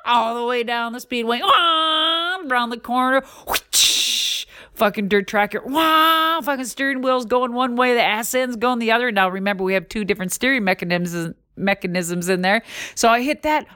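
Middle-aged woman podcaster, higher voice, swears a lot, makes loud car noises while she tells it. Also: fairly quick, clear, resonant tone. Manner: animated, profane, full of vocal sound effects. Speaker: podcast host and former monster truck driver. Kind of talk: casual storytelling podcast.

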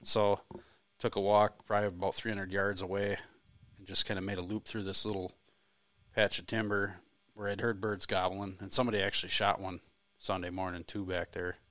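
A man's voice: deep voice, little pitch movement, a little fast, a bit bright, no room sound. A man from the telling a hunting story in a laid-back, self-deprecating way on a podcast. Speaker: co-host, hunter. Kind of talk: casual storytelling chat.

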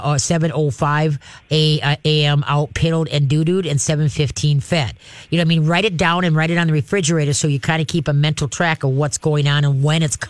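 A man's voice: fairly high pitch, no echo. A man hosting a call-in radio show about dogs, giving folksy, chatty advice and checking in with "okay?" and "all right?" as he goes. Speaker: radio show host, dog trainer.

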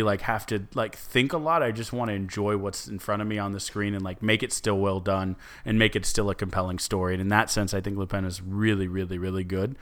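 A man's voice: lowish voice, fairly bright tone, smooth. A young man co-hosting a podcast, chatting casually and rambling with lots of fillers and restarts. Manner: rambling, restarts often, many "like"s and "um"s. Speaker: podcast co-host.

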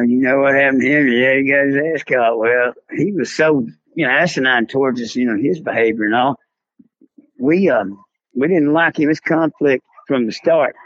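A man's voice: mid-range voice, no room sound. A man with a Texan accent telling a long folksy story in a casual interview, acting out the voices of the people in it. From South Texas. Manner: folksy, drawling yarn-spinner who acts out quoted dialogue. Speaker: podcast guest, former poacher. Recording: dull, lo-fi podcast sound.

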